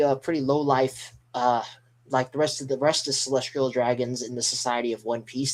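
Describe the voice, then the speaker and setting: Reading manga panels aloud as he scrolls, an excitable man rambles through a live reaction. His voice is mid-pitched, and he swears mildly and corrects himself along the way.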